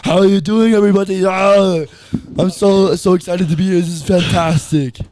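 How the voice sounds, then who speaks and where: A man's voice: high voice, fairly even intonation, normal speed, noisy background, voice pushed up. A man doing a gushing throaty muscleman voice. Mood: excited. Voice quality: throaty, tongue pulled back. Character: Arnold-style muscleman, excited and gushing.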